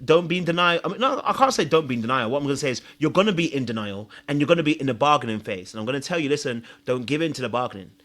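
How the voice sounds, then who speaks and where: A man's voice: medium pitch, lively intonation, racing, few pauses, a bit bright. A man hosting a podcast, giving emphatic, confessional dating advice. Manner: emphatic, confessional, acts out own thoughts. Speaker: podcast host and dating coach. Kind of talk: animated advice monologue.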